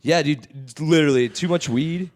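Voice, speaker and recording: A man hosting a casual podcast chat, rambling loosely and sinking low and quiet when he muses. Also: moderate pace. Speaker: podcast host.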